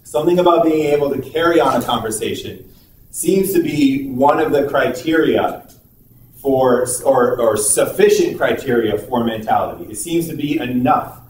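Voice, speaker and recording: A man's voice: medium pitch, expressive, darkish tone. A male university lecturer giving a conversational classroom lecture, acting out little dialogues as examples. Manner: conversational, acts out little dialogues with quick asides. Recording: echoey room, picked up from a distance with faint noise.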